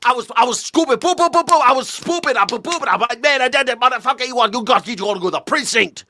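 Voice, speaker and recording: Man doing a loud brassy New York woman, high, jeering, mockery bit. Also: animated, no room sound, clean studio sound, exaggerated voice. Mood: mocking. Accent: exaggerated New York. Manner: fast, yelling, mocking.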